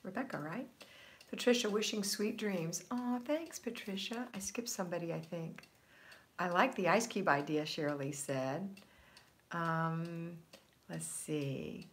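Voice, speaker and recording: A woman's voice: fairly low pitch, unhurried. A woman in her sixties hosting a live stream, chatting casually and reading out viewers' comments. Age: 60s. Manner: chatty, friendly, reads viewer comments aloud. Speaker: livestream host.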